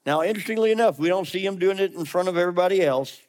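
A man's voice: sits high, rapid-fire, a little mellow. A man preaching a sermon as a pastor, talking in a conversational way, challenging his listeners directly and dropping sarcastic asides.

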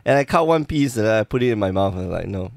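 A man's voice: lowish voice, expressive, fast, gravelly, darkish tone, dry recording. A man hosting a casual podcast, joking and rambling, with a slight lisp from a sore tongue. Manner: joking, rambling, self-deprecating. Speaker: podcast host.

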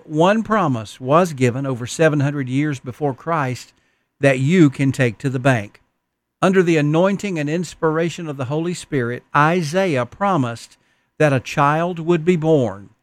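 A man's voice: fairly high pitch, dry recording. A man preaching a Christmas sermon, telling stories in an earnest, folksy way. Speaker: pastor.

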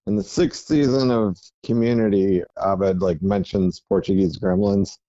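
A man guesting on a podcast, chatting casually in a quiet, low-key way. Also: unhurried, no echo. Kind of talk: casual chat. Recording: dull lo-fi sound.

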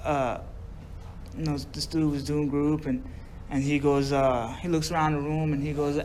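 A man's voice: a little high, fairly even intonation, normal speed, darkish tone, a little hiss or hum. A man with a drawl telling a long recovery story, profane and loose, acting out what others said to him. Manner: profane, drawling, acts out quoted voices. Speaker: speaker sharing recovery story. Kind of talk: storytelling to a group.

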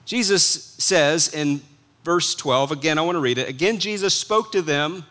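Pastor, male, high bright voice; earnest sermon delivery with hushed dips and emphatic rises. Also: normal speed. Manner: earnest preaching, swings between soft hushed lines and rising emphatic ones.

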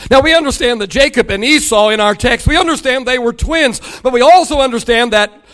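A man's voice: extremely high pitch, a little fast. An older man, a pastor preaching a sermon and telling family stories with acted-out dialogue. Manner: storytelling, acts out dialogue with rising excitement.

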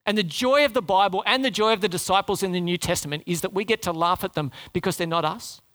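High, bright-voiced male preacher. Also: fast. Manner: animated, rises high for emphasis and drops low for prayer. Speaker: pastor. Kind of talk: sermon.

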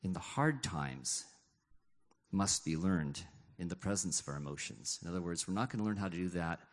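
Low-voiced man giving a sermon. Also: lively intonation, moderate pace. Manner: reflective, conversational teaching. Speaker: pastor.

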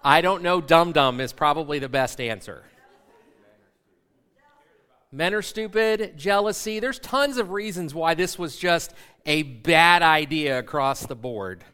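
A man's voice: fairly high pitch, measured pace, sharp tone, clear, resonant tone. A man in his forties, a pastor, preaching a sermon by telling a self-mocking personal story and acting out the dialogue.

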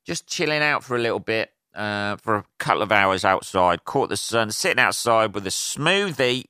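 A man's voice: on the low side, expressive, moderate pace, sharp tone, smooth, dry recording, clean studio sound. A man hosting a casual solo podcast, rambling and swearing freely, full of fillers. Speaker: podcast host.

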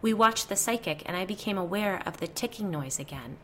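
A woman reading a first-person ghost story aloud in a measured storytelling voice. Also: medium pitch, lively intonation, slight background noise. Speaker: narrator.

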